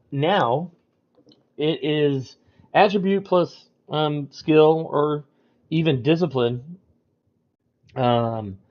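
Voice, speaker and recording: A man's voice: mid-range voice, lo-fi sound. A man running tabletop games, talking casually on a livestream, rambling with frequent ums and restarts. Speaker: storyteller discussing a tabletop game.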